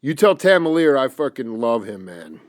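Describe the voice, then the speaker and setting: A man's voice: mid-range voice, sing-song, normal speed, no room sound, clean studio sound. Enthusiastic slangy male host. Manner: enthusiastic, slangy, calls guest "dude" and "man". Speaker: podcast host. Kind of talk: casual interview chat.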